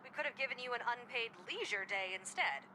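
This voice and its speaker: An actress voicing a sarcastic, scolding postal supervisor over a phone call in a game. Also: female voice, fairly high pitch, animated, brisk, sharp tone, a little hiss or hum.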